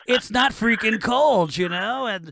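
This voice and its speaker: A man's voice: sits high, unhurried, creaky, pushed and bright. A man hosting a rock radio show, talking with casual enthusiasm and a lot of "freaking.".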